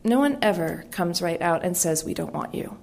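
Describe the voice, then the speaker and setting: A middle-aged woman from the United States, an author giving a storytelling talk in a wry, animated way with quoted voices. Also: lowish voice, normal speed, gravelly, a little hiss or hum.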